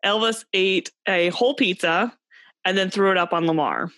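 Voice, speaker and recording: A young woman hosts a casual chat, telling stories and often giggling as she goes. Her voice is bright and clear. The sound is dry and close. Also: mid-range voice, moderate pace, dry recording. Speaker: podcast host. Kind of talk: casual chat, quiz and storytelling.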